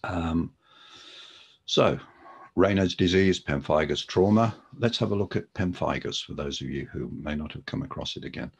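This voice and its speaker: A man's voice: low-pitched, normal speed, creaky, breathy edge. A man giving a webinar lecture on podiatry, talking conversationally with frequent ums and restarts.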